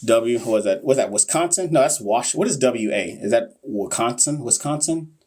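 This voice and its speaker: A man's voice: mid-range voice, expressive, normal speed, a little mellow, husky. A man hosting a live nursing exam review, joking with viewers and reading questions casually. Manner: playful, joking, talks straight to viewers. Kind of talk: casual livestream teaching.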